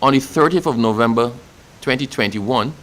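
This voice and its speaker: A man's voice: mid-range voice, moderate pace, fairly bright tone. Passionate Barbadian man, emphatic. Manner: passionate, emphatic, repeats phrases for effect. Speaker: official speaking about national celebrations. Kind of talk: interview answer.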